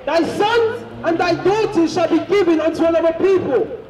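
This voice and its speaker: A woman reading scripture aloud for a street preacher, in a steady, declaiming way. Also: extremely high pitch, normal speed. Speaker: scripture reader. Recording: echoey, from far off, crowd behind.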